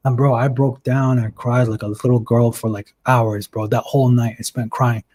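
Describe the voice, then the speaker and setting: A man's voice: mid-range voice, flat delivery, moderate pace, darkish tone. A man in his twenties on a video call, telling his story earnestly and with emotion in a casual livestream chat. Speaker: guest.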